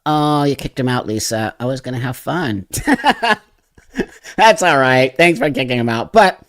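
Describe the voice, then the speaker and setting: A man hosting a casual phone livestream, talking bluntly and emphatically to viewers. His voice is froggy, with a slightly helium-like edge. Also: medium pitch. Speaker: livestream host. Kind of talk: casual livestream chat, answering viewer comments.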